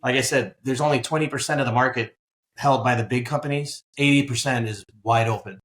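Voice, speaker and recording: A man's voice: mid-range voice, fairly quick. A man from Queens, a guest in a conversational interview, telling stories and acting out dialogue. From Queens, New York. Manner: animated storyteller, acts out dialogue. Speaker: guest, business buyer.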